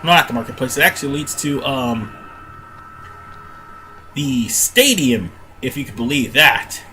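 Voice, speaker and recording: A man's voice: medium pitch, expressive, a little slow, pushed and bright, slight background noise. A man with a stuffy nose giving casual gameplay commentary as a let's play host. He rambles and often stops to correct himself.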